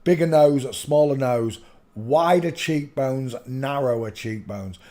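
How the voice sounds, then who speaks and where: A man hosts a livestream from a room at home in a loose, rambling way. He breaks into sudden loud outbursts between stretches of plain talk. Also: medium pitch, slow. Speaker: livestream host.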